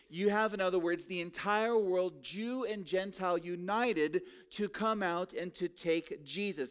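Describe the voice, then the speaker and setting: A man's voice: sits high, clean tone. A man preaching a sermon, asking rhetorical questions and drawing out key words for emphasis. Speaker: pastor. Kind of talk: expository sermon.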